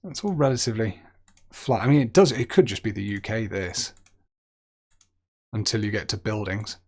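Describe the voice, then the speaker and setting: A man's voice: on the low side, normal speed, darkish tone, husky. A young man streaming a geography guessing game, chatting as he thinks aloud and making light of his own mistakes. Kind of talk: gaming commentary.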